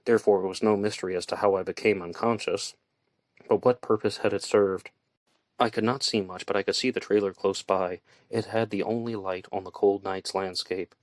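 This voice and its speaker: A man reading a first-person thriller audiobook in a tense, measured storytelling manner. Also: fairly low pitch, steady tone, dry recording. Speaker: audiobook narrator.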